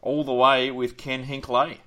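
A man with an Australian accent hosting a casual sports podcast. He is chatty and upbeat and often pauses on fillers. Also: mid-range voice, little pitch movement, bright, forceful tone. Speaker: podcast host.

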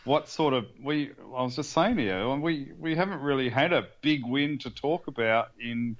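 A man co-hosting a casual sports podcast. He is excitable and rambling, with many restarts. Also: mid-range voice, moderate pace, highs cut off. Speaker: podcast co-host.

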